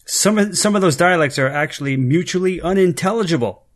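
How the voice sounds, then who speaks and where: A man's voice: sits high, animated, brisk. A man on a podcast panel presenting a segment emphatically, often repeating words as he talks. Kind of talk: casual chat.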